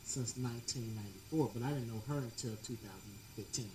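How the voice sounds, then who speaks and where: A middle-aged man co-hosts a loose chat and tells his stories with easy laughs. The room is echoey, and a clear low rumble sits behind his voice. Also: quick pace, darkish tone, far from the mic. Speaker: podcast co-host. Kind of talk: casual chat.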